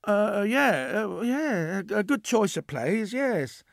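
A man voicing a flustered young man who stammers and exclaims, pitched up from his narration. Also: big pitch swings, takes it slowly, gravelly, no room sound, clean studio sound, heavily acted. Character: flustered young British man, easily baffled.

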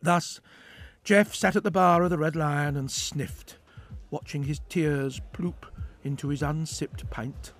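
A man's voice: fairly high pitch, fairly even intonation, slow pace, a bit bright, no room sound. Wry man reading a story. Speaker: narrator.

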